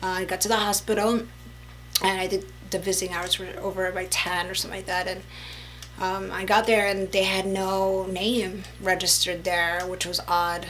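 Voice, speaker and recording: A woman telling a personal story to camera in a casual storytime vlog, chatty and animated, full of "like" and "you know". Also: mid-range voice, moderate pace, rough recording. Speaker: vlogger.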